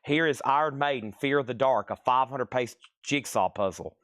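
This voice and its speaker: Man, live sale host, rapid-fire patter, playful pitches, mid-range voice, dry room. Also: a bit bright, dry recording. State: out of breath. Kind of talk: live-stream auction patter.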